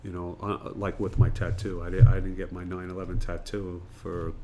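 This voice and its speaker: Low-voiced man telling stories. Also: level tone, moderate pace, warm tone, a little hiss or hum. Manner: chatty anecdotal storyteller with many fillers. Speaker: guest, retired firefighter and pub owner. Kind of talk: casual storytelling interview.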